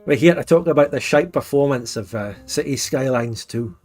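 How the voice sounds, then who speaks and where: A man's voice: mid-range voice, moderate pace, darkish tone, soft background music. A man hosting a livestream, chatting casually and joking in a rambling way with plenty of fillers. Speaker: streamer host.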